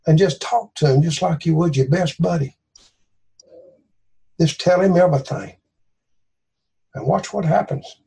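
Gravelly Southern man, folksy devotional talk. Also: a little high, unhurried, long pauses, warm tone. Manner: folksy, conversational, earnest.

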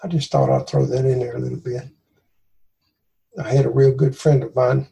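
A man's voice: mid-range voice, flat delivery, moderate pace, creaky, warm tone, slight background noise. A man with a Southern US accent giving an informal devotional talk in a folksy, earnest, conversational way.

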